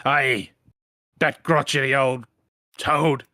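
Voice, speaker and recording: Man putting on a loud, rustic, angry farmer, bright and dry voice, tabletop game. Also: medium pitch, fairly even intonation, slow, no room sound. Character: angry bickering male farmer, accusing.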